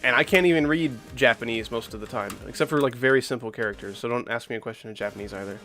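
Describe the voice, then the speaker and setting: A man in his thirties rambles casually to his stream chat while he plays, his talk loose and full of filler words. Faint music sits low in the background. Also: quick pace, fairly bright tone. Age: 30s. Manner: rambling, many "like" fillers, reacts to chat mid-play. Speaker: streamer playing requested game levels. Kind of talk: casual livestream chat answering viewers.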